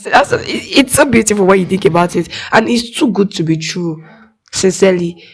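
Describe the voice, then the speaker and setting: A woman's voice: medium pitch, husky. A young woman with a Nigerian accent hosting a casual faith podcast, talking to her listeners alone and acting out small quoted voices, laughing often. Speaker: podcast host.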